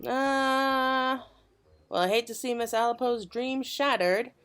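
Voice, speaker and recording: A woman's voice: fairly high pitch, moderate pace, faint music behind. A woman hosting a gaming channel, chatting casually and upbeat as she plays through a quest, thinking aloud as she goes. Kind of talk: casual gameplay commentary.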